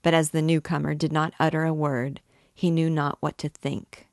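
A woman reading a classic novel aloud in a measured, expressive way. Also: low voice, no room sound, studio quality. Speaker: book reader and guide.

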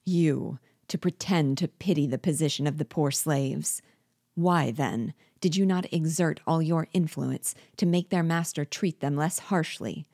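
A woman's voice: low-pitched, measured pace, a little mellow, no room sound, studio quality. A woman reading as a defiant captive officer. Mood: indignant. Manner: defiant, indignant outbursts. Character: indignant captive young male officer.

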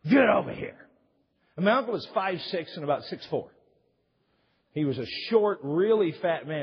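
A man preaching a sermon to a congregation as a pastor, telling family stories in an animated way. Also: fairly high pitch, slightly rough. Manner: animated storyteller, acts out yelling quotes. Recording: dull sound with long hall reverb.

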